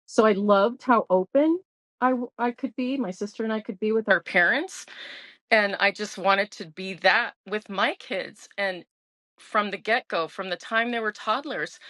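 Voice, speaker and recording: Bright-voiced woman in her sixties. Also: mid-range voice, a little slow, dry recording, low-quality recording. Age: 60s. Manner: earnest, emotional, restarts often. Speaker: guest sharing her sobriety story. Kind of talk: candid conversational interview.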